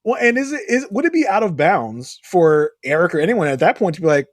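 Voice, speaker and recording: A man's voice: high voice, sing-song, brisk, dry recording, studio quality. A man guesting on a podcast, chatting casually and animatedly, often exasperated and mimicking people. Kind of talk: casual recap chat.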